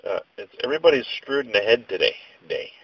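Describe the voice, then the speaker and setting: A man with a husky, slightly rough voice rants casually to his viewers. His pitch swings up and down a lot as he rambles through everyday complaints in an exasperated way, dropping mild slang as he goes. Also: expressive, fast talker, fairly bright tone, no echo, low-quality recording. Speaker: vlogger. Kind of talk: casual rant to camera.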